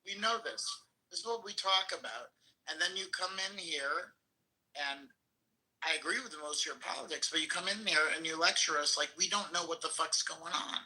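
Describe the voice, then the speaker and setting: A man's voice: on the high side, normal speed, sharp tone, low-quality recording. A man in a heated live-chat debate, exasperated and swearing often. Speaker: American participant in a live audio chat.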